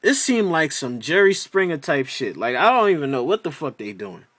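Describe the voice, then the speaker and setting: A man's voice: on the high side, big pitch swings, moderate pace, fairly bright tone, dry recording. A man ranting in a casual video review of a TV episode, exasperated and profane, rambling with many restarts.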